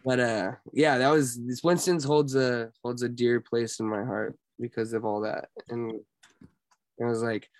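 A man's voice: medium pitch, fairly even intonation, measured pace, no echo. A young man from San Diego chatting casually as a guest, rambling with lots of "like" and "um". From San Diego, California. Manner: rambling, heavy on fillers like "like" and "um". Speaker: musician guest. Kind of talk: casual chat.

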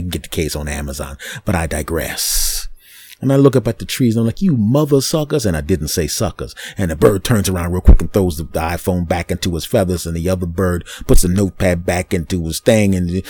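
A low-voiced male podcast host rants through a comic monologue in a mock-indignant way. The recording is close and dry. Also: darkish tone, husky, no room sound. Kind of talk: comedic monologue storytelling.

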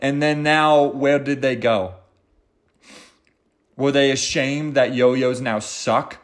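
A podcast host rambles solo and off the cuff, tossing in jokes, swearing and self-mocking asides. His medium-pitched voice keeps a fairly even intonation, and he takes it slowly.

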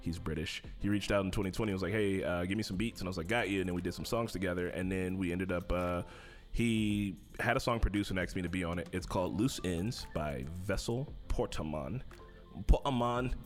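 Laid-back young man, low voice. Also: quick pace, soft background music. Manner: laid-back, jokey, many fillers. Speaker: podcast guest. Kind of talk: casual interview chat.

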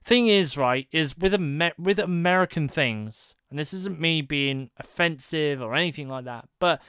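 A British man chatting on his own podcast, rambling and relaxed with plenty of ums. His voice is a little high for a man and very smooth and clear. The sound is dry and close. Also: moderate pace, dry recording. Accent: British English. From Britain. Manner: rambling, conversational, lots of fillers. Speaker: podcast host. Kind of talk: casual solo podcast chat. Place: at home at his computer with his dog.

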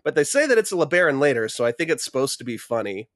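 Guy on a podcast swearing and laughing through a movie recap, mid pitch, dry mic. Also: big pitch swings, quick pace, no room sound. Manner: profane, laughing, acts out scenes. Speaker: podcast co-host. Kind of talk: casual chat, recapping a film.

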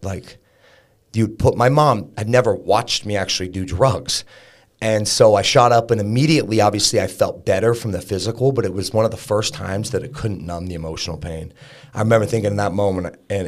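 Guy with a real low voice on a podcast, just talking straight and candid, says like a lot, swears some. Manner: casual and frank, swears, fills with "like". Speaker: podcast guest. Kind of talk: candid personal storytelling in an interview.

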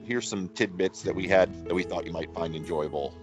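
A man's voice: sits low, brisk, music in the background. A man co-hosting a casual podcast, chatting and joking loosely with his friend. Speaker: podcast co-host. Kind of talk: casual chat.

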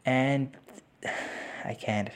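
A young man hosting a podcast, recounting a painful loss in a halting way, with repeated words and sighs, close to tears. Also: medium pitch, steady tone. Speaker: podcast host. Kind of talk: personal reflective storytelling.

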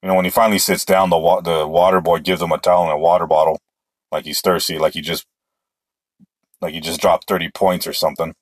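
Male sports podcast host, deep voice, opinionated rambler, dry close-mic sound. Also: level tone, fast talker, dry recording. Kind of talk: casual solo sports talk.

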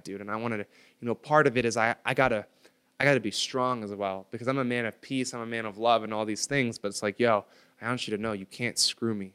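A podcast guest, a young man in his twenties with a lowish, clean-toned voice, tells a story using slangy, casual talk. He gets loud while acting out his anger.

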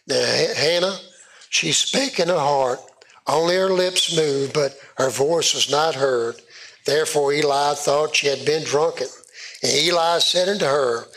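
A man giving a sermon testimony, halting and often repeating himself. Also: fairly high pitch, fairly bright tone. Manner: halting, repeats words and restarts. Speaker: preacher.

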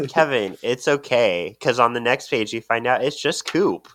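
A man co-hosting a podcast, chatting playfully through a comic book recap and quick to laugh. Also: mid-range voice, animated, a bit bright, no room sound. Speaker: podcast co-host.

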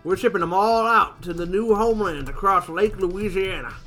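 A man's voice: high-pitched, moderate pace, a bit bright, soft background music. A man reading aloud as a blunt male Texan city judge, speaking in a put-on Texan drawl. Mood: gruff welcome. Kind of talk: podcast read-aloud of a comic.

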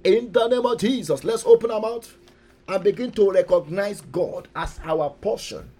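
A man preaching and leading a congregation in fervent prayer, moving between calm teaching and loud exhortation. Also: high voice, moderate pace.

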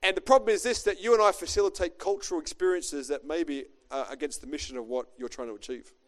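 A man's voice: on the high side, steady tone, fast talker. A middle-aged man, a pastor preaching a chatty, joking sermon built on a personal story.

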